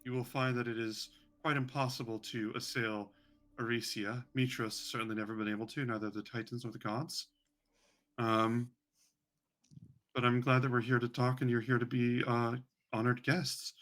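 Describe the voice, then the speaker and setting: A man's voice: medium pitch, little pitch movement, normal speed, fairly bright tone, natural voice. A man voicing a proud, showy queen who speaks in a cool, condescending way. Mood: stately.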